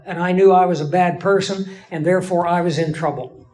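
High-voiced man teaching a Bible class. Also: a little fast, darkish tone, poor audio.

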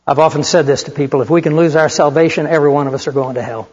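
High-voiced man preaching in a reverberant hall. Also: very fast, husky. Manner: animated, conversational storyteller. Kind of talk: sermon with storytelling. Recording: muffled hall recording with long reverb.

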